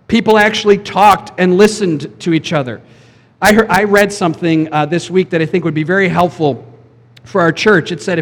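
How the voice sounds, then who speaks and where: A man preaches to his congregation in an easy, conversational way, tossing them questions as he goes. His voice sits a little high for a man. The sound carries the long reverb of a church hall. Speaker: pastor. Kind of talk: sermon. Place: church sanctuary.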